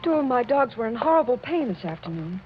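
An anxious young woman pleads in a fairly high, worried voice. She talks as if something terrible is close. Music sits behind the muffled, lo-fi old radio sound. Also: sing-song, fast talker. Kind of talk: 1940s radio acting.

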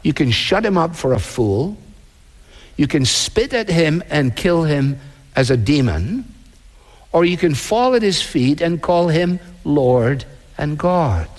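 A male pastor delivering a sermon in a measured preaching manner, slowing down to act out quoted voices. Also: fairly high pitch, long reverb tail.

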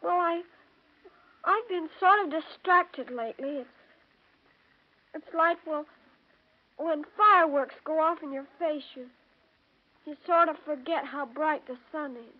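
A very high-voiced young fiancée. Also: female voice, unhurried, long pauses. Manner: hesitant, stammering. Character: young fiancée, touchy and earnest. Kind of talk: 1940s radio acting. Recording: dull old radio recording.

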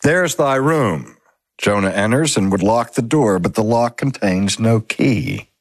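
A man reading aloud a sermon from a novel in a measured, dramatic way. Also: fairly low pitch, no echo. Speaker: reader. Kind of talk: scripted narration of a sermon from a novel.

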